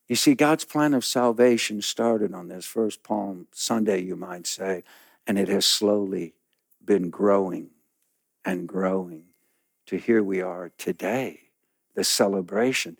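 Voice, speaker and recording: A pastor preaching a sermon, telling a story dramatically and acting out the people in it. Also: male voice, low-pitched, slow, gravelly, no room sound, clean studio sound.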